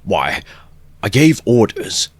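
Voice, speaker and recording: A man's voice: fairly low pitch, very animated, slow, husky, no echo, voice pushed up, full character voice. A man voicing a sly middle-aged male magistrate who mocks and gloats. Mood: annoyed. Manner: sly, mocking, playful.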